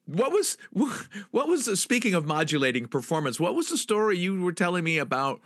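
A man interviewing a guest, asking questions in a relaxed, conversational way. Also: high-pitched, brisk, no room sound, studio quality.

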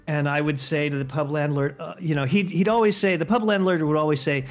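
A man from the United States telling a comedy podcast a lively anecdote and acting out the people in it. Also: a little high, a little fast. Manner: animated storyteller acting out quotes. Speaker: guest actor. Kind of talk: casual anecdote.

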